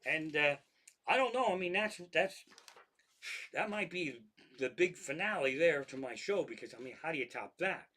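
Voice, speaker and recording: Brief: male comic spinning swear-heavy, rambling home stories in a bright, slightly high voice. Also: moderate pace. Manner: profane, rambling, lots of restarts, animated. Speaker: comedian. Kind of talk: stand-up style storytelling monologue.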